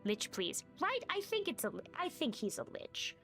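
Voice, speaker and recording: A woman's voice: high-pitched, wildly swooping pitch, moderate pace, fairly bright tone, faint music behind. A young woman streaming a game, chatting playfully and rambling with lots of fillers. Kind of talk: casual gameplay commentary.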